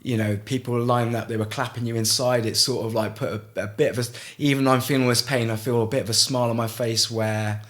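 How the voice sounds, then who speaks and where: A middle-aged man from Gloucester, telling a story as a podcast guest in a halting way, with frequent restarts. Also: mid-range voice, fairly even intonation, a bit bright. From Gloucester, England. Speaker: guest, ice swimmer. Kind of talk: casual storytelling in a podcast interview.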